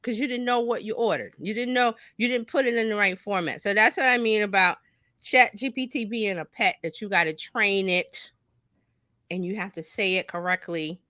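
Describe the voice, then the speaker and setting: With a mid-range voice at a moderate pace, this woman marketing coach talks casually on a talk show. She's lively and folksy, performing little quoted voices as she explains things, and the recording is dry.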